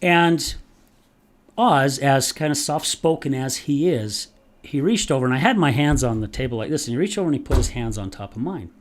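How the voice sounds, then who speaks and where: A male podcast host tells a personal story in a loose, emphatic way. His voice sits in a middle pitch, and his talk is casual and lively. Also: normal speed. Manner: animated, emphatic, swears casually.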